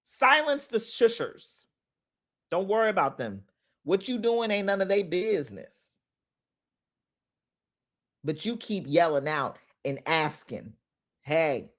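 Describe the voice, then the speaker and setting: A middle-aged woman preaches encouragement into her phone. Her pitch swings widely, and she laughs often and gets emotional. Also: very animated, slow pace, long pauses. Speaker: inspirational speaker. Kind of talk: motivational livestream talk.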